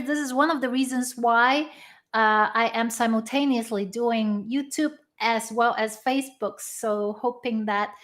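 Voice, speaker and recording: Slow-talking woman hosting a living-room concert. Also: on the high side, fairly bright tone. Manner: unhurried, with frequent ums and uhs. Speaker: violinist hosting a live-stream concert. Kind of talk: casual spoken introductions between pieces.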